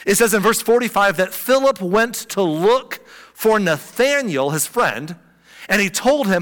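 A man preaching with a bright, fairly high voice that swings widely in pitch as he acts out the story. His sermon rings through a large hall with a long, trailing echo. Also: measured pace. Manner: animated storytelling, acting out the people in the story. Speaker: pastor.

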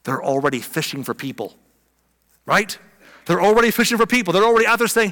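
Animated male preacher in an echoey hall. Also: sits high, fast. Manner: animated storytelling, acting out the people in the story. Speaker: pastor. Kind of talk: sermon.

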